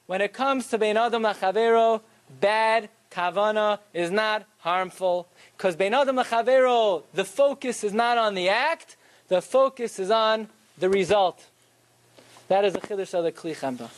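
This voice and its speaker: A man giving a Torah lecture, telling stories with animated rhetorical questions. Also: high voice, normal speed. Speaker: Torah teacher.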